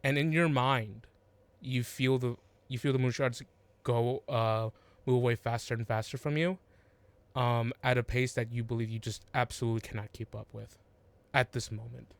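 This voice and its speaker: A man's voice: medium pitch, steady tone. Man narrating as game master. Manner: halting, restarts, many fillers.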